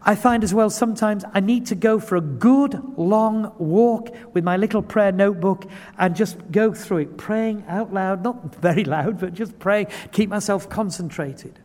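High-voiced preacher in a reverberant hall. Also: male voice, a little slow, darkish tone. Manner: earnest, building to impassioned pleading. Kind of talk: sermon.

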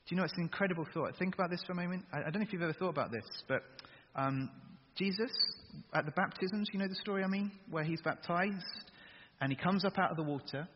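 A man's voice: high voice, fast talker, husky. A man preaching an earnest sermon to a congregation, full of emphatic rhetorical questions. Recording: dull sound with long hall reverb.

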